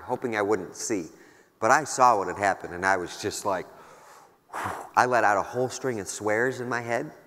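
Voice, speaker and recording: A man's voice: fairly low pitch, pushed and bright. Man telling a candid story in a reverberant hall. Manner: candid, casual, wry, filler-heavy storytelling. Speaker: keynote speaker. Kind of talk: personal war story told on stage. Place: large conference hall.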